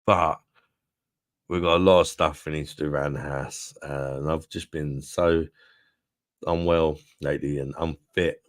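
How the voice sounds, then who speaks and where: A deep, low-voiced man chatting on a live stream, rambling and laughing often between thoughts. The sound is dry and close, with no room echo. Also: steady tone, unhurried. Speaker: beer review channel host. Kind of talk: casual live-stream chat with viewers.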